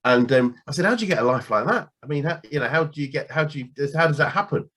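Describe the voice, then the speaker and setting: A man's voice: on the high side, animated, quick pace, fairly bright tone. A man interviewing a business guest in casual chat, hesitant with many restarts and fillers.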